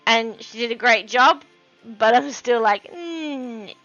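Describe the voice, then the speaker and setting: An Australian woman chats loosely on a livestream as she paints, wandering from thought to thought and laughing often. Her voice is bright and sits fairly high. Faint music plays underneath. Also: steady tone, measured pace, lo-fi sound. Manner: rambling, chatty, laughs often. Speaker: livestream host. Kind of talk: casual chat while painting.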